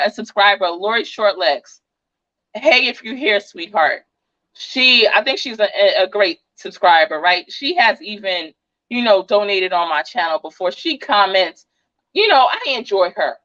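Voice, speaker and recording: A middle-aged woman with a New Jersey accent, hosting a casual livestream in a loud, fast, passionate voice. Her voice sits at a medium pitch for a woman. The recording is dry and a little dull. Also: no echo. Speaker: true crime YouTube channel host.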